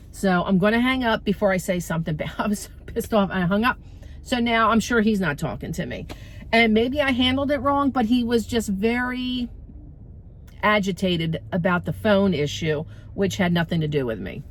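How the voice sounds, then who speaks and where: A woman's voice: mid-range voice, moderate pace. A middle-aged woman telling a frustrating story in a casual vlog, rambling and venting with many fillers, recorded outdoors by a street. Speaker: vlogger. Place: outdoors by a street, waiting for a ride.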